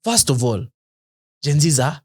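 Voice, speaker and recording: A man with a Kenyan accent co-hosting a podcast, a lively storyteller who often laughs and mixes slang into casual chat. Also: a little high, measured pace, husky. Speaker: podcast co-host.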